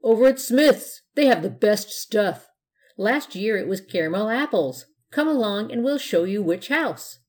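A woman's voice: mid-range voice, animated, measured pace, a little mellow. A woman voicing an enthusiastic boy dressed as a ghost in a storybook reading. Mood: excited. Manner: eager, enthusiastic. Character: excited boy in a ghost costume, generous.

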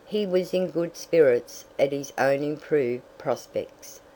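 A narrator reading a classic novel aloud in a measured storytelling manner. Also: medium pitch, dark tone, slight background noise, poor audio. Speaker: audiobook narrator. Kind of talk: scripted narration.

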